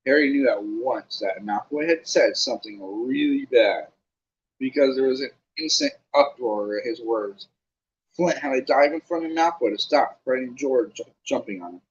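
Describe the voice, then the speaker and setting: Male home audiobook narrator; expressive, muffled sound. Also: mid-range voice, moderate pace. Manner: lively reading with casual asides. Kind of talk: audiobook reading.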